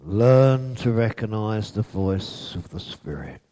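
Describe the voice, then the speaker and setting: A man's voice: fairly low pitch, expressive, slow pace, warm tone. A man preaching a sermon in an earnest way, building to emphatic peaks on repeated phrases.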